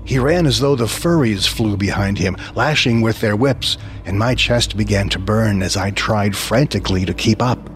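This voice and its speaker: A man's voice: on the low side, normal speed, few pauses. A man narrating a scripted horror story in the first person, with dramatic storytelling.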